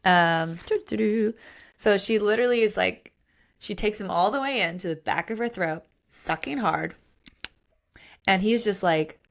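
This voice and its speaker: In a casual book-chat episode, a woman co-host discusses a romance novel openly and with energy, acting out its quotes. She has a gravelly, mid-range voice.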